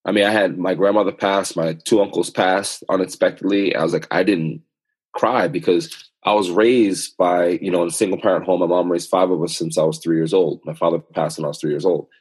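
A man with a low, husky voice, talking as a podcast guest. He speaks earnestly and emphatically, in a motivational tone that pushes his points home. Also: fairly even intonation, fairly quick, a little mellow. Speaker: guest, author and speaker on self-awareness. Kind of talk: podcast interview conversation.

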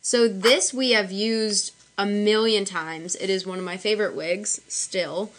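A woman's voice: medium pitch, fairly even intonation, noisy background. A young woman hosting her own channel, chatting and giggling as she shows old props and outfits. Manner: chatty, giggly, quick asides. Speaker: channel host. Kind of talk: casual show-and-tell of old props.

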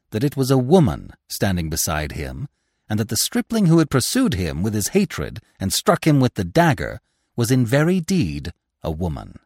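Husky-voiced man narrating a classic tale. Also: fairly low pitch, dry recording, studio quality. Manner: expressive storytelling. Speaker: audiobook narrator. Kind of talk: scripted narration.

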